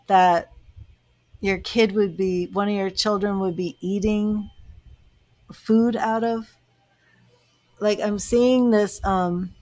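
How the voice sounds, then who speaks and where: Slow, halting woman psychic medium. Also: mid-range voice, darkish tone, no room sound. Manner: halting, searching, trails off as she relays images. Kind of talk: live-stream psychic reading.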